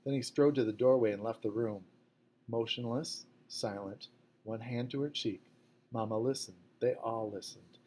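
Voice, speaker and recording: Man narrating a novel, measured. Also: mid-range voice, a little mellow. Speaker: audiobook narrator. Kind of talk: scripted narration.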